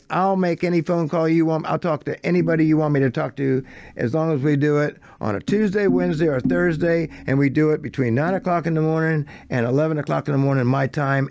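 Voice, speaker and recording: A man's voice: a little high, no echo. An older American man, a songwriter, telling a long anecdote in casual conversation, quoting the people in it. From United States. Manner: animated anecdote, quoting others in shifting voices. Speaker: songwriter guest. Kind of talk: casual storytelling.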